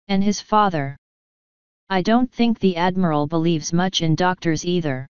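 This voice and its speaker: A woman reading a mystery audiobook aloud, voicing the dialogue in a quiet, measured way. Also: fairly low pitch, clean tone, no echo, highs cut off. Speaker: audiobook narrator. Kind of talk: scripted narration.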